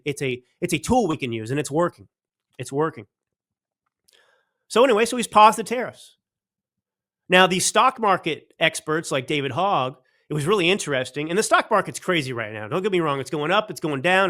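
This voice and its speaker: A man's voice: fairly high pitch, bright, forceful tone. A man hosting political commentary, talking in an emphatic, repetitive and mocking way.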